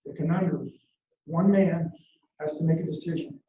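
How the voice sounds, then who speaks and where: A man's voice: fairly high pitch, fairly even intonation, normal speed. Male motivational speaker, dramatic storyteller; dull lo-fi, roomy recording. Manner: dramatic, acts out quotes and shouts battle orders. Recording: echoey room, distant mic, dull lo-fi sound.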